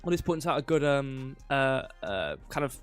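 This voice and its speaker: A man's voice: medium pitch, very animated, normal speed, clean tone, faint music behind. A young man hosting a casual crypto livestream, rambling with lots of fillers and offhand jokes. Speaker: crypto news host.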